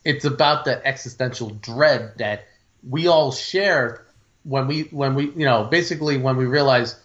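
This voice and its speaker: A man's voice: mid-range voice, moderate pace, fairly bright tone, highs cut off. A man co-hosting a film podcast in casual chat, rambling with many fillers and restarts. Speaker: podcast co-host.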